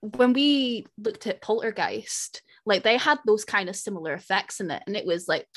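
Woman podcast host, friendly, mid-pitched, casual. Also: expressive, normal speed, fairly bright tone. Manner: friendly, leads the discussion. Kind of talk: casual chat.

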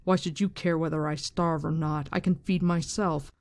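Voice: mid-range voice, steady tone, moderate pace, no room sound, studio quality, close to an everyday voice. A reader voicing a wary, stubborn young man. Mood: defiant.

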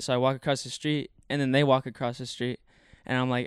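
Young guy rambling thru a story, slangy, tons of fillers, clean smooth voice. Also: mid-range voice, level tone, fairly quick, no echo, studio quality. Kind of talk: casual chat.

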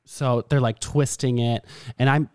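A man's voice: mid-range voice, unhurried, smooth, no echo, studio quality. A young man co-hosting a podcast, telling stories in a casual chat and acting out the quotes. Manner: animated storytelling, acts out quotes. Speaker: podcast co-host.

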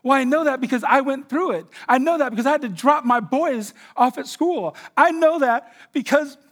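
A middle-aged man preaching a sermon as pastor, swinging between loud outbursts and quiet asides. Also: very high voice, moderate pace.

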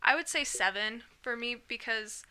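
Bright, excitable woman chatting. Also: on the high side, normal speed, clear, resonant tone. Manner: excitable, expressive. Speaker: podcast guest. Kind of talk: casual chat.

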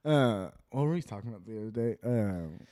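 A man's voice: lowish voice, lively intonation, brisk, dark tone. A young man co-hosting a casual podcast, joking and laughing often and trailing off into fillers. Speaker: podcast co-host.

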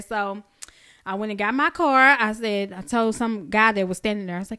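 Animated, bright-voiced woman telling a story. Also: brisk, clean tone. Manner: animated, profane, jumps high for quoted reactions. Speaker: podcast co-host. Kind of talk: casual chat, storytelling.

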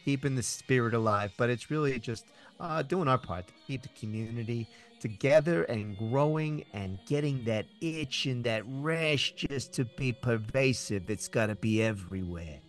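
A man's voice: mid-range voice, expressive, moderate pace, hardly any pauses, faint music behind. A man co-hosting a podcast in casual, jokey banter, rambling and cursing freely. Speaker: podcast co-host.

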